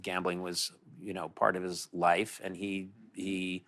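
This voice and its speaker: A man's voice: low-pitched, little pitch movement, unhurried, a bit bright. A man hosting a casual chat, talking in loose run-on thoughts. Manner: chatty, trails off in long run-on thoughts.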